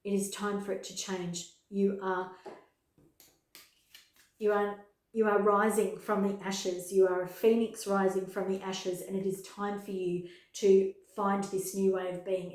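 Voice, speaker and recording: A woman's voice: medium pitch, little pitch movement, a little slow, a little mellow. A woman giving a pick-a-card tarot reading to camera, earnest and emphatic, repeating key words for weight. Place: home room with her dog nearby. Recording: echoey room.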